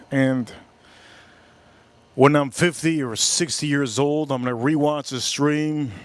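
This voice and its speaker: Speaking in a mid-range voice, this livestream host from the United States keeps things casual. He says the same things again and again while firing off quick, heartfelt shout-outs to viewers.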